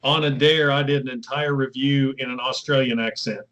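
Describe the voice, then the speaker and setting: A man's voice: mid-range voice, steady tone, moderate pace, a bit bright. A man from West Virginia with a West Virginian accent, hosting a casual podcast chat with easygoing banter. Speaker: podcast host.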